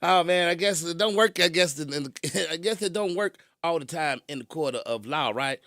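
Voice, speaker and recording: A man hosting a radio show, telling stories in an animated way and chuckling as he talks. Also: on the high side, moderate pace, no room sound, clean studio sound. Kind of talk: casual radio storytelling.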